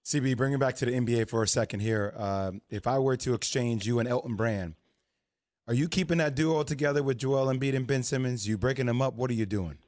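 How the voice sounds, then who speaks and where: A male sports show host fires off direct questions at a quick clip. His voice is close and dry, with very little room sound around it. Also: mid-range voice, a little mellow, dry recording. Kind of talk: casual sports talk.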